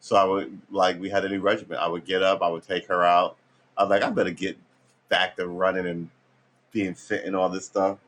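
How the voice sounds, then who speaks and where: A man's voice: sits low, little pitch movement, fairly quick, a bit bright. A man, tired and just woken up, casually rambling through a story while practicing guitar, with loose fillers and easy swearing. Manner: laid-back, swears casually, trailing fillers.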